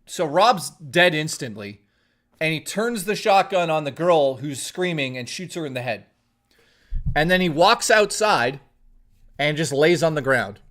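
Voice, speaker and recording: A man with a slightly raised pitch chats on a live stream. His storytelling rambles and is peppered with profanity. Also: expressive, a little slow, fairly bright tone. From Toronto, Canada.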